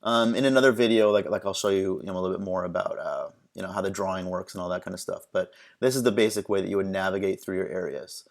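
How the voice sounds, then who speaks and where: A man presenting a screen-recorded software tutorial, talking casually and haltingly with many ums and restarts. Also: low voice, fairly even intonation.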